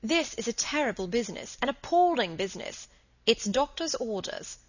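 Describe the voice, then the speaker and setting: A woman's voice: on the high side, big pitch swings, moderate pace, breathy edge, voice pushed up. A woman voicing a stiff, conventional Edwardian husband who talks in a placating, insistent way in a storybook reading. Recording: slightly dull recording.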